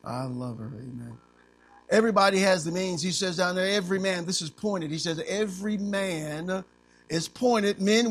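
A man preaching a sermon as pastor, animated, asking the congregation to finish his lines and acting out little scenes. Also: high voice. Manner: animated preaching with call-and-response questions; acts out little scenes in other voices.

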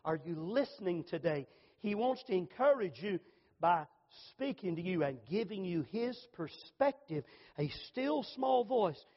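Man preaching, high-pitched voice, fervent emphatic delivery, long church reverb, dull lo-fi sound. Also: big pitch swings, unhurried. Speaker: pastor. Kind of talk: sermon with altar call. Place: church sanctuary.

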